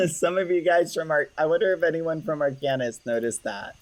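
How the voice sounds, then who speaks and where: A man's voice: high-pitched, normal speed. A man live-streaming a game, talking straight to his chat and swapping swear words for clean ones.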